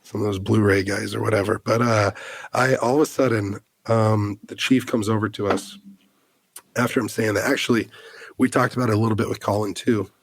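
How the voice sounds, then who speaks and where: An American man in his thirties, a podcast guest, telling a personal story in an earnest, halting way, full of fillers and restarts. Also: fairly low pitch, fairly even intonation, vocal fry, no echo. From United States.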